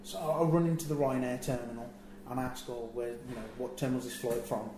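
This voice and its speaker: A man telling a long travel anecdote in a relaxed chat, acting out what people said. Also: medium pitch, fast talker, crowd noise. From England. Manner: animated storyteller, acts out quotes. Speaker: wrestler telling a road story. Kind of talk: casual anecdote. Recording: echoey room, faint ambient noise.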